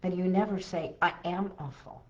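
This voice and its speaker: A woman hosting a solo wellness podcast, guiding listeners through calming techniques in a soothing, coaching way with emphatic repetitions. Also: lowish voice, moderate pace, muffled recording. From Los Angeles area, USA. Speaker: podcast host.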